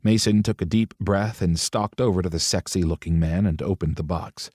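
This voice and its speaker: A man's voice: low voice, normal speed, darkish tone, husky, no echo, clean studio sound. A man narrating a romance audiobook, switching into different voices for the characters' dialogue.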